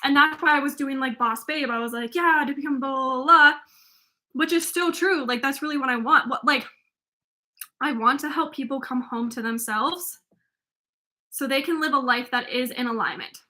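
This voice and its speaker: A woman's voice: high-pitched, moderate pace, sharp tone. A woman in her twenties, a life coach and podcast host, talking through a rambling, filler-heavy solo monologue full of restarts. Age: 20s.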